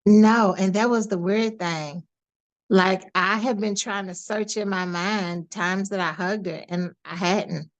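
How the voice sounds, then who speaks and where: A woman guest on a podcast, telling a personal story in a lively, animated way, acting out the voices of the people she quotes. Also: medium pitch, slow, highs cut off. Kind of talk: storytelling in a casual interview.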